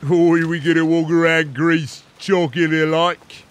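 A man putting on a mock cockney accent as a cocky, profane gangster, loud and swaggering. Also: fairly high pitch, level tone, measured pace, lightly acted. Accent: put-on London cockney.

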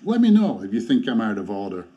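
A man giving a motorcycle gear review in a vlog, ranting with exasperation and halting restarts. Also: on the low side, wildly swooping pitch, dark tone, muffled recording.

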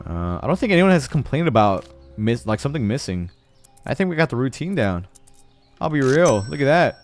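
A man's voice: mid-range voice, animated, a little fast, a little mellow, soft background music. A young man streaming a game live, chatting casually, swearing a lot and laughing often. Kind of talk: casual live-stream chat while gaming.

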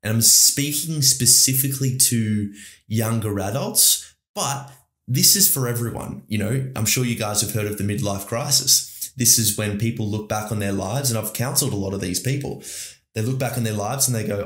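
Australian man, podcast host, low voice, echoey room, rambling motivational talk. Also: moderate pace, fairly bright tone. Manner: enthusiastic, rambling, addresses listeners as guys. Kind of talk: motivational monologue. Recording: roomy echo.

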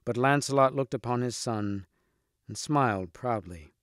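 A man reads a storybook aloud in a steady, clear voice. His tone is smooth and resonant, the mic is close, and there is no room sound. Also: medium pitch, measured pace, no echo. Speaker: reader.

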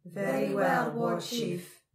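A woman's voice: slow pace, distant mic, over a noisy crowd. A woman voicing an old crone leader who speaks in a cold, commanding manner, recorded in a roomy space. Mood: booming. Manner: cold, imperious, booming. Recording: roomy echo.

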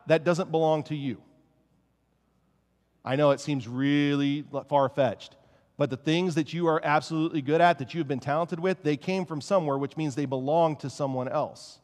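Animated preacher with a slightly high voice. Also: male voice, brisk. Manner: casual, joking, animated preaching. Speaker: pastor. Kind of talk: sermon. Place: church sanctuary. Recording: long church-hall reverb.

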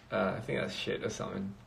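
A man's voice: on the low side, noisy background. A man chatting casually on a phone livestream, rambling and reading out viewer comments. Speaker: livestream host.

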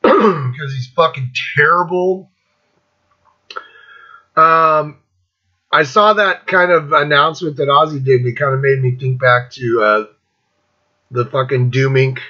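A man's voice: fairly high pitch, sharp tone, highs cut off. A man in his fifties hosting a casual rant, blunt and profane, rambling between thoughts. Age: 50s. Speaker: host.

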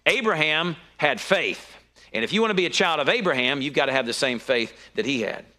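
A man preaches a sermon, telling the story with lively energy and leaping up in pitch when something surprises him. His voice is bright and a little high for a man. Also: a little fast. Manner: animated storytelling with sudden high-pitched exclamations.

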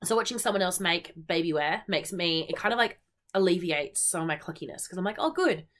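A knitting podcast host, young and Australian-accented, chats solo in a bright, clear voice. She's brisk and high-energy, hopping between thoughts and scattering ums and likes throughout.

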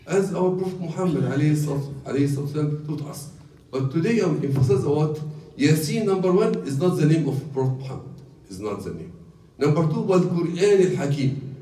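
A man delivering a sermon in plain, simple non-native English, breaking into recited Arabic verses. His voice sits fairly high but sounds mellow and soft-edged. He is heard from a distance across a large, echoey hall. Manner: storytelling, grows lively when retelling accounts. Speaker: sheikh giving a talk. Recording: echoey room, voice from far off the mic.

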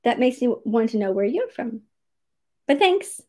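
A cheerful woman hosts a livestream from home, greeting viewers one by one and reading their comments aloud. Her voice sits high and swoops up and down with lively expression, and she laughs often between names. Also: measured pace. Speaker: livestream writing sprint host.

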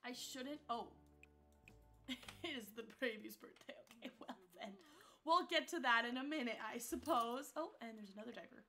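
A woman's voice: a little high, moderate pace, pushed and bright, faint music behind. A young woman streaming a life-sim game, chatting casually with viewers and talking to her characters, often giggling. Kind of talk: casual live-stream commentary.

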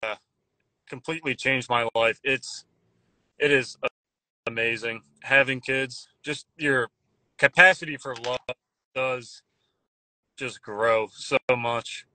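A man chatting casually as a guest, rambling and halting with frequent restarts. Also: medium pitch, sharp tone, no echo. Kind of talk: casual chat. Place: Nashville.

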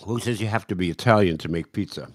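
A man hosting a podcast in casual interview chat, talking haltingly with frequent restarts and repeated words. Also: low voice, no room sound, studio quality. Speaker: podcast host.

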